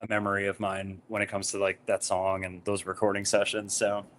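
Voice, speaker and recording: A man's voice: fairly low pitch, monotone, fairly quick. A man appearing as a musician guest on a video call, chatting casually, laughing often and telling heartfelt stories.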